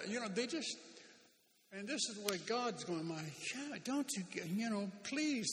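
A man preaching a sermon as a pastor, animated and emphatic, with sudden loud bursts and speech. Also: high voice. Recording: long hall reverb.

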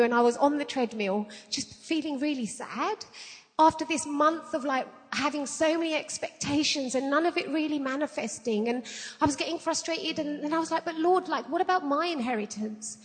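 High-pitched woman, earnest testimony, reverberant sound. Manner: earnest, tearful, laughing at herself. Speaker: artist sharing a faith testimony. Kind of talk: personal testimony.

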